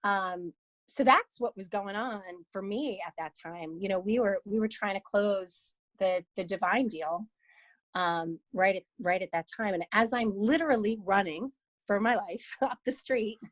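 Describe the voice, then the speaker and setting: A lively woman of around fifty tells a story as an interview guest, speaking casually and swearing now and then. Her voice sits at a medium pitch. The sound is dry and close, with no room echo. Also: unhurried. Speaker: guest, founder and CEO of a broker-dealer.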